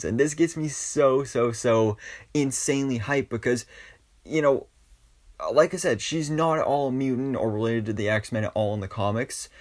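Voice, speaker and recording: A young man giving a chatty, excited episode review as a channel host, full of casual fillers. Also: mid-range voice. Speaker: YouTube reviewer. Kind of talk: casual commentary.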